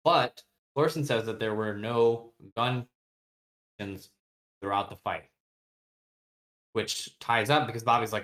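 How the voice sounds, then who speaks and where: Guy on a podcast recapping chapters, loose and slangy, mid-pitched voice, tosses in quick character lines. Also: a bit bright. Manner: retells scenes, briefly voicing characters' lines; loose, slangy, with many fillers and restarts. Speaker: podcast co-host. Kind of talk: casual book recap chat.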